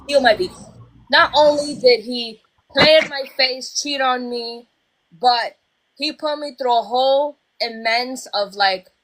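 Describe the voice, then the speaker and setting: A young woman with a slightly high voice tells a personal story on a livestream, speaking into a phone. She talks bluntly and swears freely. She acts out the lines of the other people in her story. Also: slow, fairly bright tone, low-quality recording. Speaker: livestream host.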